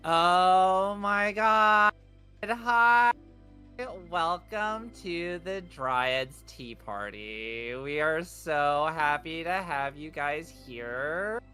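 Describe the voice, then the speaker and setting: A game master voicing a bubbly female dryad tea-party hostess with an open, melodic voice and drawn-out, gushing exclamations. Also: medium pitch, expressive, sharp tone, smooth, soft background music, pitched above the performer's own voice, exaggerated voice.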